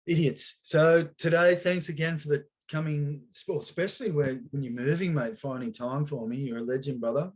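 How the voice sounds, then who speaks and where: A man's voice: on the high side, fairly even intonation, moderate pace, few pauses. A man hosting a casual chat, laid-back and matey. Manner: laid-back, matey, calls guest mate and brother. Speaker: podcast host.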